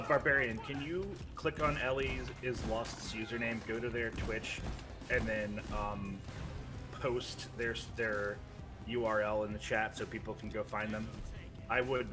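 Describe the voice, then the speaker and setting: An American man with an ordinary mid-range voice talks over his game, swearing freely. His banter is quick and sarcastic as he reads out and thanks his chat. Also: medium pitch, steady tone, over music. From United States. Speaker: co-streamer. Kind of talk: casual gaming chat.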